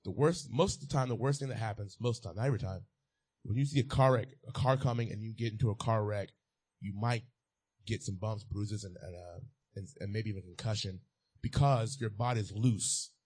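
A man's voice: fairly low pitch, fairly quick, a little mellow, breathy edge. A man preaching a sermon as a pastor, repeating key phrases and building to emphatic peaks.

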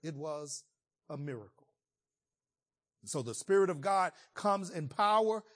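A man's voice: on the high side, animated, a little slow. A man preaching a sermon as a pastor, retelling scripture in a conversational, colloquial storytelling way.

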